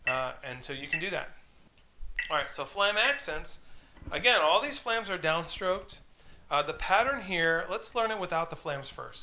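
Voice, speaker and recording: A man with a higher-side voice and vocal fry teaches drum rudiments in an instructional tutorial, heavy background noise behind him. He's patient and encouraging, calling out stickings and counting off the exercises aloud.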